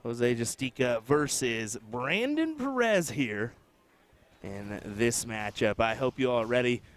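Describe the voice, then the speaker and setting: A man commenting on a darts match on a live stream, with relaxed, joking banter. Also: medium pitch, unhurried. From United States.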